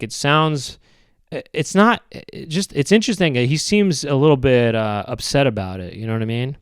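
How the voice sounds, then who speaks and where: A man hosting a podcast, rambling through a comedic monologue in a halting, hesitant way with many restarts and drawn-out phrases. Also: medium pitch, expressive, clean tone, no room sound, clean studio sound. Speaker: podcast host.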